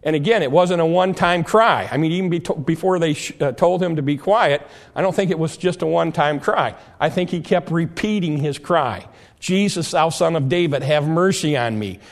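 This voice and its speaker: Male preacher, fairly high voice, halting sermon delivery with frequent restarts. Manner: repeats and restarts words, explaining scripture verse by verse.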